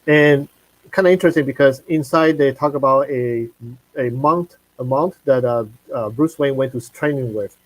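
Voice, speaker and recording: Livestream host man, halting delivery, mid pitch, dry sound over a video call. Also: dry recording, rough recording. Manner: halting, searching for words. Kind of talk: livestream interview.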